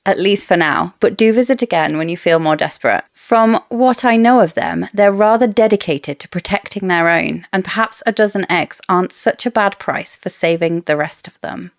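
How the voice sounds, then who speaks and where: A woman's voice: lowish voice, normal speed, hardly any pauses, dry recording, clean studio sound, natural voice. A woman voicing a haughty, scheming queen in a put-on South American accent, read aloud in a book discussion podcast. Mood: coaxing.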